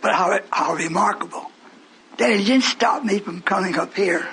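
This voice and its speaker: Older male preacher, high voice, faint hiss behind him. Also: normal speed, rough recording. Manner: folksy, swings from mutters to shouting. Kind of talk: rambling sermon to a congregation.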